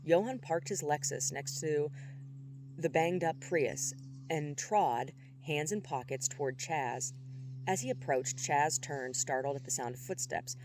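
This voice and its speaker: A man narrating chapters of a novel in a steady, even storytelling manner with small stumbles. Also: a little high, unhurried, a little hiss or hum. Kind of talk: audiobook narration.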